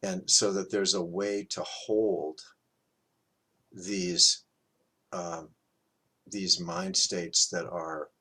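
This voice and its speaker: A man teaching a qigong class, talking in a reflective, halting way with many fillers and restarts. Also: deep voice, little pitch movement, husky. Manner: gentle, chuckles at his own quotes.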